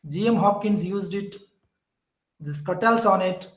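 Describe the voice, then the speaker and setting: Indian english guy teaching poetry, really slow, says things twice, roomy echo. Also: sits high. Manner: slow, repetitive explaining with fillers. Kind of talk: classroom lecture on poetry.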